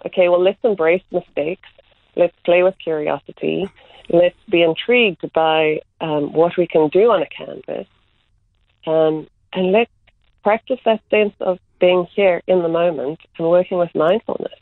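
A woman who runs art workshops, a guest explaining her approach in measured speech that slows on key words. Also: fairly low pitch, no room sound. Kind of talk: reflective interview answers. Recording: phone-like line, dry.

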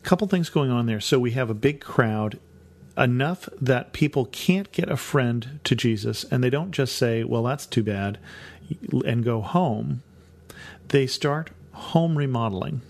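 A man's voice: mid-range voice, expressive, measured pace, creaky, a little mellow. A man teaching from the Bible on a podcast, reading passages aloud and then explaining them with dry humor.

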